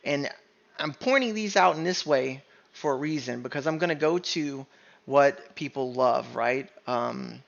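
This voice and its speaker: Man, online Bible teacher, emphatic and insistent, gravelly, muffled home recording. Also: medium pitch, a little slow, fairly bright tone. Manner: emphatic, keeps asking "right?". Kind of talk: screen-share Bible study sermon.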